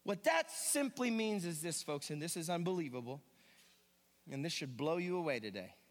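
A male pastor preaching a sermon, swinging between quiet asides and shouted emphasis. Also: fairly high pitch, sing-song, normal speed, in a large hall.

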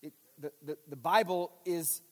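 A man's voice: on the high side, steady tone, normal speed, in a large hall. A man, a pastor, giving a teaching sermon and explaining step by step while checking in with his listeners. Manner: explanatory, speaks directly to listeners with frequent checks.

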